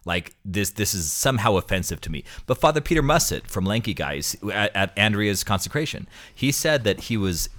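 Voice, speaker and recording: A man in his thirties, a priest, telling stories in a relaxed podcast chat, often stumbling and repeating words as he starts sentences. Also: fairly low pitch, moderate pace, hardly any pauses. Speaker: priest co-host. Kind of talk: casual storytelling chat.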